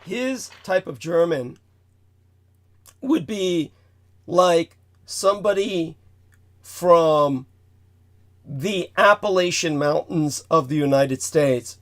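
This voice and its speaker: A man hosts a talk show, his voice sitting a little higher than most men's. He lectures at length in a rambling, emphatic way, often breaking off into side remarks. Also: slow, pauses often, a bit bright. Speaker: host.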